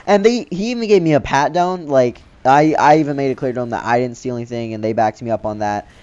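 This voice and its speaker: A man's voice: mid-range voice, fast talker, darkish tone, clear, resonant tone, muffled recording. A man casually telling a childhood story over game commentary, rambling with lots of fillers. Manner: rambling, loose, filler-heavy talk. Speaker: gaming channel host.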